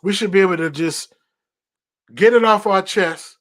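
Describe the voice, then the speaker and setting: High-voiced preaching man on a podcast. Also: moderate pace, fairly bright tone. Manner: emphatic, repetitive, preacherly cadence. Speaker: podcast host. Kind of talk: preaching-style podcast monologue.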